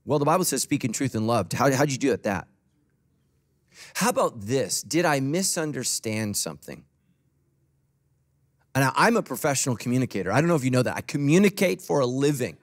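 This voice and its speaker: A man's voice: medium pitch, very animated, a little fast. A middle-aged man preaching a sermon as pastor, conversational and joking, acting out quoted voices. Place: church auditorium.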